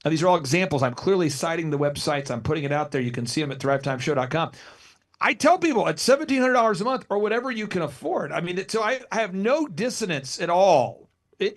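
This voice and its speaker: A man in his forties, a business consultant guest on a podcast interview, telling stories energetically and acting out what others said. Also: fairly high pitch. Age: 40s. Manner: energetic storyteller who acts out quotes.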